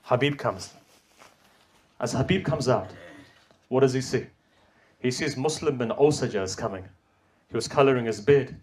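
A man giving an impassioned mourning sermon, swinging between loud cries and hushed tones and using Arabic religious terms. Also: mid-range voice, normal speed, long pauses. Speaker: religious reciter.

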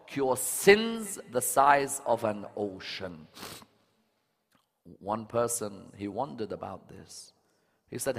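A man preaching a religious sermon, swinging from quiet storytelling to loud, emotional cries in the prayers. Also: on the low side.

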